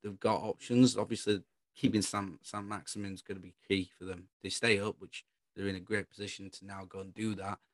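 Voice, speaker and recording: A man with a fairly low voice rambles through his football opinions in a relaxed, casual chat. The recording is close and dry, with no room sound around him. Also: brisk, no room sound. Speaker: football podcast co-host.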